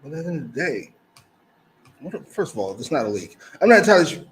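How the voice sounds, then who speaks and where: A man's voice: on the high side, big pitch swings, fast talker, poor audio. A man co-hosting a casual wrestling review podcast, talking bluntly, profanely and mockingly. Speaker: podcast co-host.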